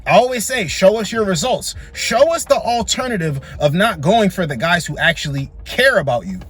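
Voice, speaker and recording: Blunt, mocking man with a husky voice. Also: sits high, very animated, normal speed, fairly bright tone. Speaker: reaction video host. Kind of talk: casual reaction commentary.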